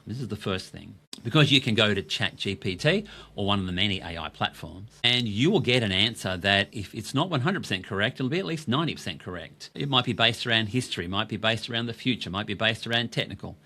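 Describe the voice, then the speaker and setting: A man's voice: lowish voice, bright, forceful tone. A middle-aged Australian man co-hosting a podcast, talking casually and with enthusiasm, asking himself questions and answering them. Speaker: podcast co-host. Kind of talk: casual business talk.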